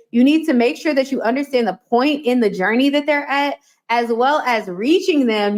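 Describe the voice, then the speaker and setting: A woman hosting a solo business coaching podcast, talking in a chatty, animated way and acting out little quotes. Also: fairly high pitch. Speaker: podcast host.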